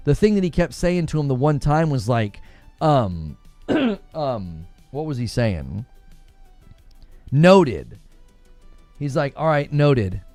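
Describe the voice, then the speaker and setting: Lively, animated man chatting casually. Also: mid-range voice, unhurried, no room sound, faint music behind. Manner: rambling, many fillers, laughs easily. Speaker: gaming news podcast host. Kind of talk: casual chat.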